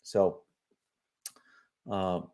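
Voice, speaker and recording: A man's voice: low voice, level tone, extremely slow, vocal fry, mellow. A man hosting a live market stream, speculating loosely about charts and answering viewers' comments with many fillers. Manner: chatty, reads viewer comments aloud and answers them. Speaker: livestream market analyst host.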